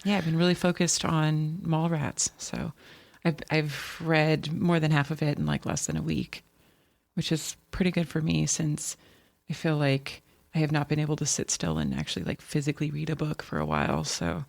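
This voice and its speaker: Brief: woman co-host, gravelly fry, chatty and rambling, dry close sound. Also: low-pitched, animated, normal speed, darkish tone, no echo. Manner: chatty, rambling with frequent restarts. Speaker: podcast co-host. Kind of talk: casual chat.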